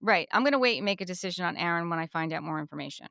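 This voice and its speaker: Chatty woman podcast co-host, smooth voice. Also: on the low side, rapid-fire, dry recording, studio quality. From New Jersey. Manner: chatty, repeats herself, animated retelling. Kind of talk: casual chat recapping a reality show.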